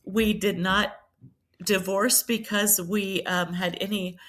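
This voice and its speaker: Speaking slowly in a steady, medium-pitched, slightly bright voice, a middle-aged priest and nurse from Charleston, South Carolina recounts her life in a podcast interview. She's reflective, often saying um and starting over.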